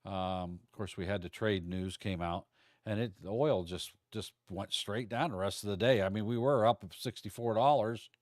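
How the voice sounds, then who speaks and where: A man's voice: on the low side, normal speed, a little mellow, no echo, studio quality. A middle-aged man teaching futures trading on a livestream, talking casually in a folksy, rambling way and stumbling over words now and then. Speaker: trading instructor.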